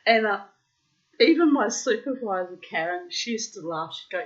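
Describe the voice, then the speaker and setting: A woman's voice: medium pitch, expressive, normal speed. A middle-aged woman rambling profanely through a casual monologue with theatrical asides. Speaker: reader and host. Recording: dull lo-fi recording.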